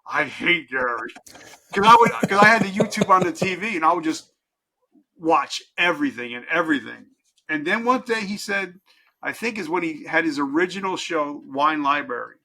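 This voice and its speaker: A middle-aged man telling his own story as a podcast guest, candid and intense, swinging from loud to hushed. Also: a little high, expressive, moderate pace. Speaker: podcast guest, life coach. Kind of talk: emotional personal storytelling.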